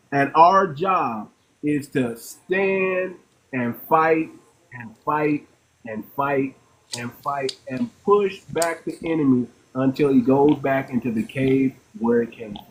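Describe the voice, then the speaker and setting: Insistent preachy man, slightly high voice. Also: unhurried, low-quality recording. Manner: preachy, insistent, repeats phrases. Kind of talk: casual discussion.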